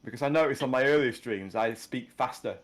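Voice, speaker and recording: A man from Yorkshire with a Yorkshire accent and a slight lisp, chatting casually as a podcast host and deliberately slowing his speech. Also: medium pitch. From Yorkshire, England. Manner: deliberately slowed, chatty, self-deprecating. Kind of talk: casual chat.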